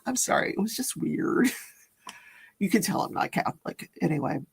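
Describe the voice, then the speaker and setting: A woman's voice: fairly low pitch, sing-song, moderate pace, creaky, breathy edge. A chatty, giggly woman hosting a casual livestream, reading out viewer comments and reacting to them. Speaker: livestream host. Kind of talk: casual live-stream chat.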